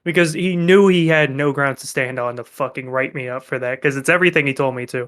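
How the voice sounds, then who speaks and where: A young man co-hosting a podcast, telling work stories in a profane, animated way. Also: mid-range voice, quick pace. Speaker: podcast co-host. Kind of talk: casual chat.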